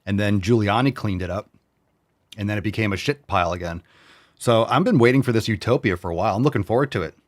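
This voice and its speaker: A man in his forties from New York hosting a fitness show, reading viewer meals aloud in a loud, brash, profane, riffing way. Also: on the low side, fast talker. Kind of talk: casual chat reading viewer posts.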